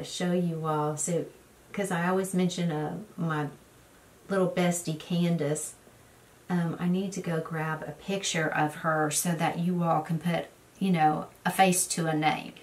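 A woman vlogger in casual chat, her voice sitting fairly low for a woman. She rambles through stories with plenty of fillers and restarts, heard from a slightly distant mic. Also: a little hiss or hum. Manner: rambling storyteller, many fillers. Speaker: beauty vlogger. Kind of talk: casual get-ready-with-me chat.

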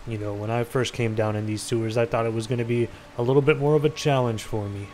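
A man voicing a small, filthy, boastful male goblin in a gruff, self-satisfied drawl during video game commentary. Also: medium pitch, fairly even intonation, fast, darkish tone, a little hiss or hum, pitched below the performer's own voice, lightly acted. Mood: smug. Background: game music.

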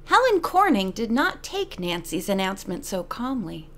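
A woman narrating a mystery novel for an audiobook in a steady storytelling manner. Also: medium pitch, normal speed, few pauses. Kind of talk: scripted narration.

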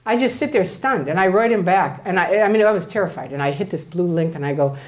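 A woman's voice: fairly low pitch, fast talker, hardly any pauses. Woman telling her story to an audience. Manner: animated, acts out quoted voices, tags lines with "right?". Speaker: speaker giving a public talk. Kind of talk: personal storytelling lecture.

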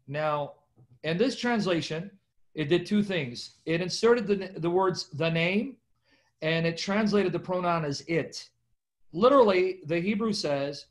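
Emphatic male Bible teacher, slightly high voice, video-call audio. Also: moderate pace. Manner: animated, emphatic, talks to viewers as "guys". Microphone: video call microphone.

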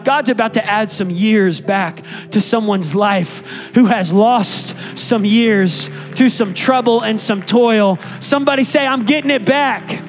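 Passionate high-voiced preacher in a hall. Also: male voice, moderate pace, faint music behind. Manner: rising to loud passionate preaching, calls for responses. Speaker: pastor. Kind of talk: sermon.

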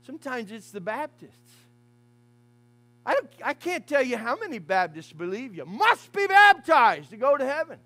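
A man preaching a fiery funeral sermon as pastor in a church, swinging from hushed asides to shouted lines. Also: extremely high pitch, sing-song, normal speed.

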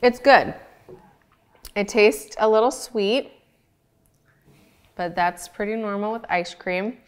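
A woman's voice: medium pitch, takes it slowly. A young adult woman who makes ice cream, chatting casually through a review and talking with her mouth full. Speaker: ice cream maker reviewing store-bought ice cream. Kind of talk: casual product review vlog.

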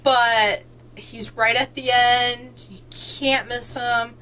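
A young woman from Indiana hosts a casual book chat with friends, bubbly and quick to laugh. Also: fairly high pitch, slight background noise, poor audio. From North Central Indiana, US. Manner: bubbly, excitable, laughs often. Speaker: book vlogger hosting a book tag.

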